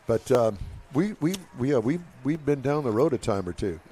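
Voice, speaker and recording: A man's voice: mid-range voice, lively intonation, normal speed, warm tone. A man hosting a car talk radio show, chatting casually with his guest and reading station announcements.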